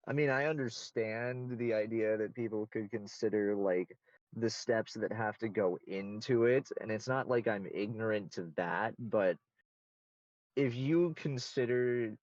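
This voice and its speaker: Male interviewee, low-leaning voice, self-assured and blunt, dry muffled video-call sound. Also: a little mellow, no echo. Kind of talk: casual conversational interview.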